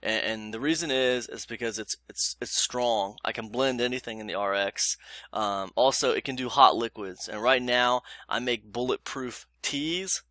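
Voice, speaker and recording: A man's voice: mid-range voice, normal speed, pushed and bright, no room sound. A man casually reviewing blenders for his vlog, chatty and emphatic, with lots of fillers and "you guys". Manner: emphatic, repeats points.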